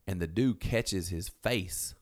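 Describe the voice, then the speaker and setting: A man's voice: sits low, slow pace. A man casually telling a rowdy story, swearing and acting out what people said in raised voices. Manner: animated, swearing, acts out quotes in raised voices. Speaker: storyteller guest.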